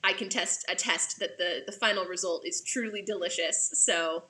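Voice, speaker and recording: A woman's voice: on the low side, moderate pace, bright, forceful tone. A woman directing a play, chatting with an actor over a video call, gushing and laughing often, rambling with fillers. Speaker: assistant artistic director, director of the play.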